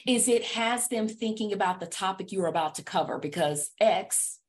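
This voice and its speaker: A woman with a mid-range voice speaks at a moderate pace, hosting a podcast interview about public speaking. She's upbeat and emphatic, laughing often as the conversation unfolds.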